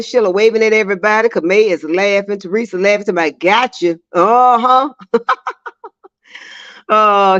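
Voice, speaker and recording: A woman's voice: mid-range voice, no room sound. Chatty woman reading live chat. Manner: chatty, laughs often, reads comments aloud. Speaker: livestream host reading viewer comments. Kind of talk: casual livestream chat. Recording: dry, slightly dull lo-fi sound.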